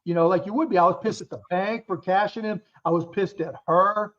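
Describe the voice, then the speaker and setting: Man, fifties, high voice, blunt and candid, swears casually, muffled lo-fi audio. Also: fairly even intonation, a little fast, fairly bright tone. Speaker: guest entrepreneur. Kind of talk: casual interview storytelling. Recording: dull lo-fi sound.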